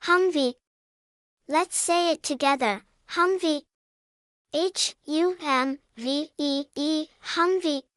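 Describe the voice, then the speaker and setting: A woman narrating a scripted vocabulary lesson for young children, spelling words out slowly and adding playful sound words. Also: high-pitched, dry recording, clean studio sound. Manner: slow, even spelling-out with cheerful sound words. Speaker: vocabulary teacher.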